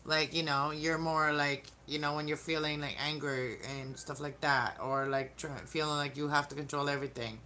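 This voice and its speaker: A woman's voice: deep voice, level tone, normal speed, few pauses, pushed and bright, a little hiss or hum. A woman giving a casual live-streamed tarot reading, chatting to viewers and often restarting her sentences. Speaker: tarot reader.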